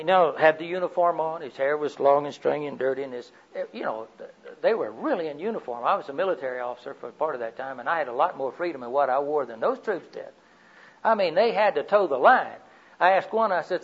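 An older man preaching a sermon, telling personal stories in a folksy way, swinging from loud to quiet. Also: fairly high pitch, lively intonation, fast talker, muffled recording.

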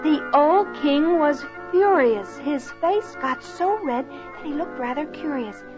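A woman narrating a rhyming children's story and lesson in a slow, expressive, sing-song way, on a lo-fi recording. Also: sits high. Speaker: narrator and teacher. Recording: lo-fi recording with soft music.

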